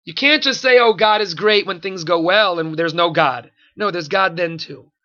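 Male religious teacher, fervent, repeats for emphasis, sharp tone. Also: high-pitched, moderate pace, muffled recording. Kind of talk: sermon-style Torah talk.

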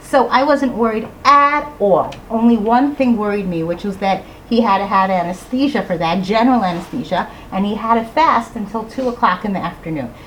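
A middle-aged woman telling a personal story to an audience in an animated way, acting out voices and rhyme lines. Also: mid-range voice, normal speed, hardly any pauses, a little hiss or hum, low-quality recording. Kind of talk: storytelling talk.

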